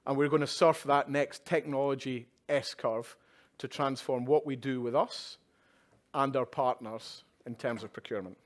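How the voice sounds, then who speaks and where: A man's voice: medium pitch, fairly even intonation, a little slow. A man giving a conference keynote from a live event stage, speaking conversationally with tag questions and wry asides.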